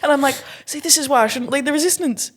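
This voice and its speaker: A young woman from Australia co-hosting a podcast, chatting casually and acting out quotes with sudden pitch jumps and laughter. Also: fast talker. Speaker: podcast co-host, comedian. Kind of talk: casual chat.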